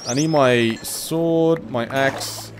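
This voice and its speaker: Excitable man, panicky game commentary. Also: medium pitch, extremely slow. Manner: excitable, panicky, swears often. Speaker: gaming video host. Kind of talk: let's play commentary. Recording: game music playing behind. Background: game music and water sounds.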